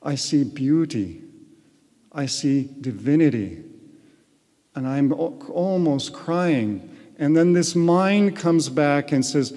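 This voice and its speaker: A guest speaker at a large retreat hall, a man with a slightly high, mellow voice, shares an earnest personal spiritual testimony. He takes his time, telling his story with sincerity, and the hall's long echo trails after his words.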